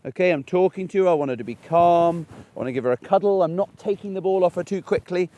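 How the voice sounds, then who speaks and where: Man, dog trainer, outdoor demonstration, encouraging, fairly high voice. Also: fast talker, mellow, muffled recording. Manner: chatty, encouraging, with frequent restarts. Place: outdoors in a paddock.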